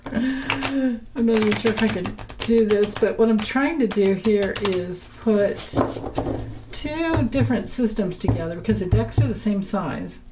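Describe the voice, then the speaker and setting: A woman's voice: medium pitch, background noise. A woman giving a chatty tarot reading, laughing often and restarting her sentences as she talks. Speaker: tarot reader. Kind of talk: casual tarot reading vlog.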